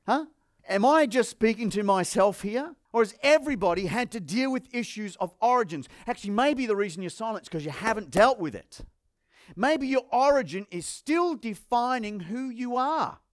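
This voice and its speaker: A man's voice: sits high, expressive, moderate pace, no room sound, clean studio sound. An Australian man preaching a sermon as pastor, firing rhetorical questions at the congregation.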